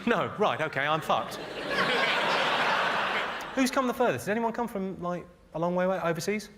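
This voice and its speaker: On stage at a comedy venue, a middle-aged English comedian does stand-up with crowd work, teasing the audience in a dry, crude way. His voice sits high and is expressive, at a normal speed, and the live show is full of loud crowd noise.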